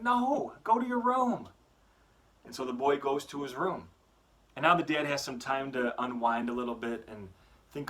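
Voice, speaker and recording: A man's voice: medium pitch, a bit bright. A man giving a motivational talk to schoolchildren, telling a story with many "right?" asides. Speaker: youth motivational speaker.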